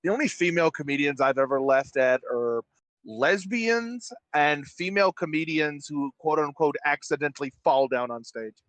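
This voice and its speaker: A man's voice: on the high side, animated, moderate pace, a bit bright, dry recording. A man dropping short, wry comments into casual podcast banter.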